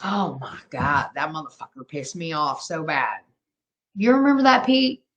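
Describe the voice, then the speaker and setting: A woman's voice: low-pitched, expressive, moderate pace, fairly bright tone, highs cut off. Brash, taunting woman in her fifties hosting a live stream, profane and drinking. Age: 50s. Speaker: livestream host. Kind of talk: live stream chat with viewers.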